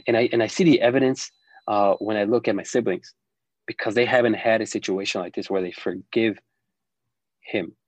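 A middle-aged man telling a personal story as an interview guest, reflective and halting, with frequent restarts. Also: on the low side, steady tone, dry recording, poor audio.

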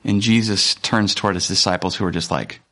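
A man, a pastor, giving a conversational and earnest sermon with frequent pauses and fillers. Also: sits low, fairly even intonation, a bit bright.

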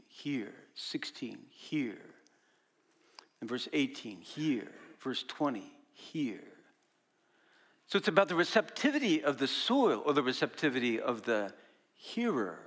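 A man's voice: medium pitch, a bit bright. A man preaching a sermon as a pastor, talking conversationally and quizzing his congregation. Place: church service.

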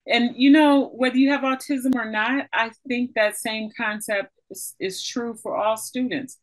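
A woman's voice: fairly high pitch, steady tone, a little slow, low-quality recording. A woman interviewing a guest, laughing easily as she asks questions.

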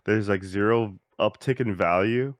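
Laid-back, low-voiced podcast man. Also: moderate pace, no echo. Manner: laid-back, dry and wry. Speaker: podcast co-host. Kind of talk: casual podcast chat. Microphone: remote call mic.

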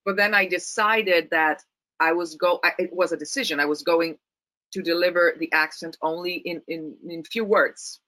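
Italian-accented actress, bright and dry. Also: female voice, on the low side, fairly even intonation, normal speed, no echo, rough recording. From Italy, Rome. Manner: thoughtful, many restarts and repeated words. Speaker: actress, guest. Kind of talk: interview conversation.

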